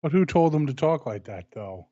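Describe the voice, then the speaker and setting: A man's voice: fairly high pitch, animated, moderate pace, dark tone, no room sound. A man co-hosting a casual wrestling review podcast, with dry, teasing remarks. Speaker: podcast co-host. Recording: dull dry lo-fi mic.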